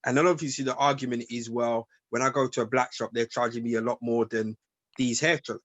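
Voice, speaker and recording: A man's voice: medium pitch, flat delivery, brisk, fairly bright tone, no echo, muffled recording. Emphatic man, dry close sound. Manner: emphatic, streetwise slang. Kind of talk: casual group chat.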